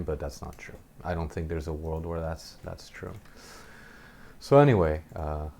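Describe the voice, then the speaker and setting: A man's voice: low-pitched, darkish tone. A man casually telling a personal story as a gameplay commentator, wry and chuckling, with frequent restarts.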